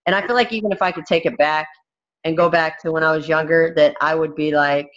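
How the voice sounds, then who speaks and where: A woman's voice: low-pitched, steady tone, a little fast. A woman in her thirties, a fighter as interview guest, talking candidly in a blunt, emphatic way with many restarts. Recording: dull, muffled recording.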